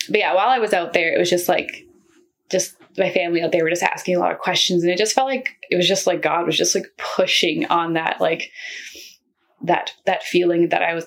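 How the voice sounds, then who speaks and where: A young woman sharing her personal faith testimony in an earnest, rambling way, full of fillers. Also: lowish voice.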